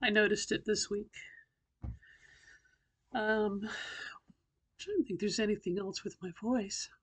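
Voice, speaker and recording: A middle-aged woman records a relaxed video diary, speaking slowly and haltingly as she thinks aloud. Her voice sits at a middling pitch, with a slightly tight throat and frequent pauses. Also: slightly rough. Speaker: vlogger doing voice training. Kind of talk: casual personal video diary.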